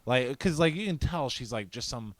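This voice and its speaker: A man's voice: mid-range voice, lively intonation, moderate pace, dry recording. A man co-hosting a podcast, telling profane stories and mimicking other people's lines. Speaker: podcast co-host. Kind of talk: casual chat.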